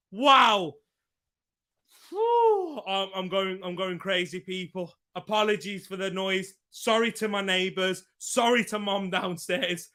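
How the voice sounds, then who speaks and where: A man hosting a football watchalong, giving live commentary and reacting excitedly while reading out viewer comments from a room at home. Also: sits high, takes it slowly.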